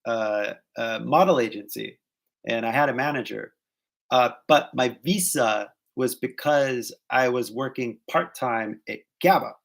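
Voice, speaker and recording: Man, American accent, gravelly edge, casual chatty vlog delivery, mid-pitched, English teacher mixing in Japanese. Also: a little slow. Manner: chatty, switches between English and Japanese, many "like"s. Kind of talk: casual talking-head advice vlog.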